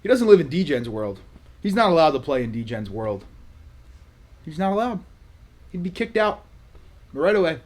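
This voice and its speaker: A man's voice: on the high side, very animated, moderate pace, long pauses, a little mellow. Sarcastic man telling a story in a vlog. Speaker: vlog host.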